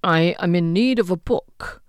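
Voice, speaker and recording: A woman's voice: lowish voice, a little slow, clear, resonant tone, no room sound, clean studio sound, natural voice. A woman reading an audiobook, voicing an aloof, impatient male aristocrat who speaks in curt, clipped phrases.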